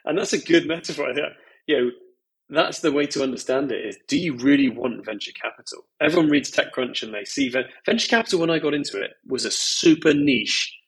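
Brief: male investor guest, frank and emphatic, a little husky, loose filler-heavy talk. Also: a little high, expressive, brisk, low-quality recording. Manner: candid, emphatic, peppered with "you know" and "like". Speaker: venture capital investor, guest. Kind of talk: podcast conversation.

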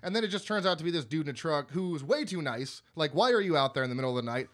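A man with a slightly high voice talks through a movie plot in relaxed, swear-heavy podcast chat. He slips into quick impressions of the characters as he recaps, then carries straight on. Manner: loose and profane, acts out movie scenes. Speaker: podcast co-host. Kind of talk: casual movie review chat.

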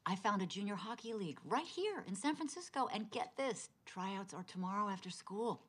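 An actress playing a cheerful mother who coaxes her daughter in an animated film. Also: medium pitch, moderate pace, husky. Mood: coaxing. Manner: upbeat, coaxing.

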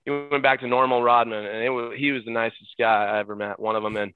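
On a tinny, dry phone line from his home in Utah, a middle-aged former ballboy guests on a podcast, telling animated stories in casual chat. His medium-pitched voice is smooth with no echo and faint music behind, and he's excitable, quick to laugh, and prone to shouted impressions.

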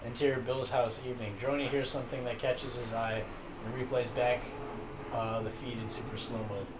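A man narrating the stage directions of a comedy script in a deadpan manner. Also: mid-range voice, normal speed. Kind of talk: reading stage directions aloud. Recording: echoey room, faint noise.

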